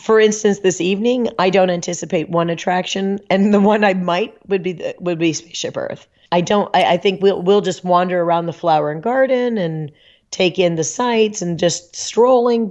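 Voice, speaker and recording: A woman podcast guest chatting casually, telling animated stories and laughing often. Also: on the low side, highs cut off. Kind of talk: casual chat.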